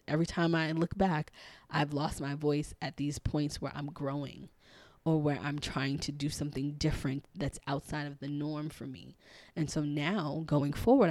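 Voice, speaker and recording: Hoarse woman podcasting, dry close sound. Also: low voice, dark tone, dry recording. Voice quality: raspy. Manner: earnest, encouraging, thinking aloud with many "um"s and restarts. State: hoarse, partly lost voice. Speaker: podcast host and spiritual coach. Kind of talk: reflective solo podcast monologue.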